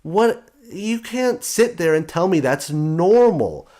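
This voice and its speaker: A man's voice: high voice, very animated, slow pace, dark tone. A man hosting a show, delivering a blunt, sarcastic opinion monologue. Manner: blunt, sarcastic, mocking quoted voices. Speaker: podcast host.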